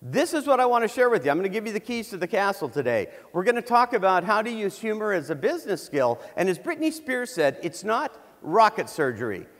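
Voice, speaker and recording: A man's voice: high-pitched, sing-song, quick pace, hardly any pauses. A middle-aged man giving a humorous keynote on stage, telling a story in a conversational way with many restarts. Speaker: keynote speaker. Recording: reverberant hall.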